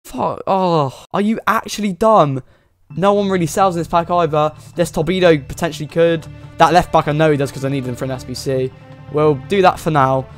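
A young man with a fairly high voice narrates a game pack opening in an excitable, exclamatory way. He pleads and cheers, peppering his talk with slang. Soft music plays underneath. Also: fairly quick, no room sound. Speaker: gaming YouTuber.

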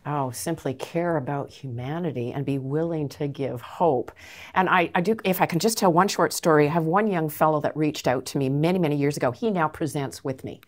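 Low-voiced woman telling stories earnestly. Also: fairly quick. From Canada. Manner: earnest, emphatic, passionate storytelling. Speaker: anti-trafficking advocate, guest. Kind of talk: interview answers, storytelling.

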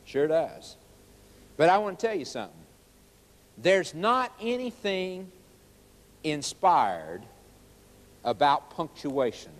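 A man preaching in a high, lifted voice, driving his points home with emphatic questions and quoted scripture. His words ring out with a long reverb trailing behind them. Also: sing-song, slow, long pauses. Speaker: evangelist. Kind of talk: sermon.

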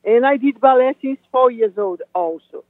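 A woman's voice: fairly high pitch, dry recording. Brazilian woman on a tinny phone line. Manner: halting, restarts often, laughs between phrases. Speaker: guest musician. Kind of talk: casual interview over the phone.

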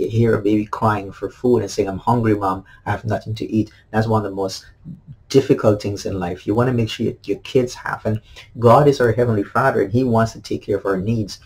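A man's voice: on the low side, darkish tone, rough recording. A man, a pastor, giving a daily devotional sermon in an earnest way, repeating key phrases with many fillers.

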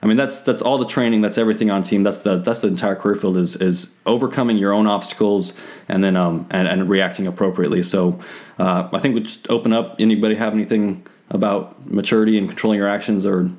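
A man co-hosting a casual podcast, telling a story in a halting way with many restarts. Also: fairly low pitch, fairly even intonation, a little mellow. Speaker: podcast co-host, former instructor.

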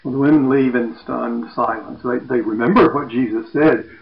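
A man retelling a Bible story as a lesson, in a plain storytelling voice that goes quiet for quoted speech. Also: mid-range voice, moderate pace, creaky. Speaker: Bible teacher. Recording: echoey, dull lo-fi room.

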